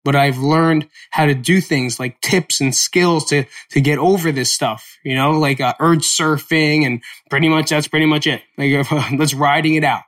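A man's voice: on the high side, steady tone, moderate pace, hardly any pauses, fairly bright tone. A man in his forties from New Jersey hosting a solo podcast, talking candidly and rambling, with frequent swearing. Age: 40s. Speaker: podcast host.

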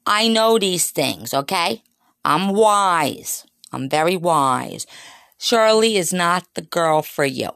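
A woman's voice: on the low side, animated, takes it slowly, creaky, a bit bright, no echo, clean studio sound, pitched below the performer's own voice, heavily acted. A woman voicing a blustering, cursing father who lays down the law to his son. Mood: stern. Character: gruff protective father, middle-aged man.

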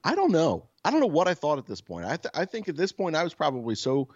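A soft-spoken man co-hosting a podcast, telling a story casually, swearing freely and laughing at himself. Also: a little high, huge pitch swings, fast talker, dry recording, lo-fi sound. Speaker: podcast co-host.

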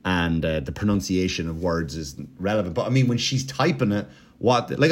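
A man's voice: lowish voice, animated, brisk, husky. A man hosting a podcast, telling a story in a rambling, profane, casual comedic way, with mocking impressions. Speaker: podcast host.

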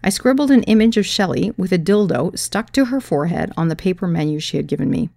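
Brief: woman narrator, memoir read, wry and dry, gravelly low voice, dead-dry sound. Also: animated, quick pace, dark tone, no room sound.

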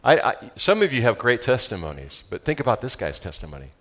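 A male pastor with a Southern California accent preaching a sermon, animated and joking with his congregation. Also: mid-range voice, brisk.

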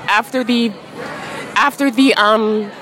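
A woman in her thirties speaking frankly in a casual street interview, full of "like" and quick laughs. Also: fairly high pitch, fairly even intonation. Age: 30s. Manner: frank, chatty, peppered with "like" and laughs. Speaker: interview guest. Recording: crowd noise outdoors.

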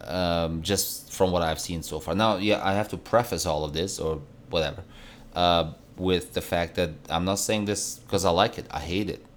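A man's voice: sits low, normal speed, a little hiss or hum. A man from the Salt Lake City area co-hosting a casual sports podcast, emphatic and rambling, often repeating his words. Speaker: podcast co-host.

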